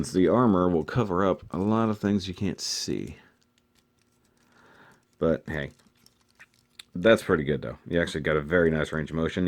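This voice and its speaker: A man with a very low voice gives a relaxed, chatty review of a model kit. He thinks aloud while turning the pieces over. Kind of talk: casual product review.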